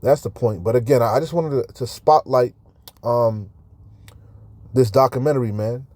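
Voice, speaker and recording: A man's voice: mid-range voice, moderate pace, darkish tone, dry recording. A man giving impassioned, profane Bible commentary in slangy street talk, often repeating and stumbling over words. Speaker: online scripture commentator. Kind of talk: informal fiery Bible commentary.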